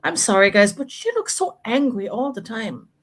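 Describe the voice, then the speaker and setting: A woman's voice: fairly high pitch, big pitch swings, normal speed, poor audio. A woman hosting a casual live chat about a reality show, opinionated and chatty, with lots of fillers.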